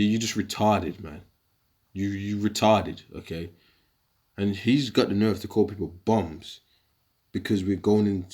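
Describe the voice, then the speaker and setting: A video teacher with a fairly low, darkish voice gives an informal scripture lesson, rambling and combative. He works through the words on his screen, tossing in slang asides.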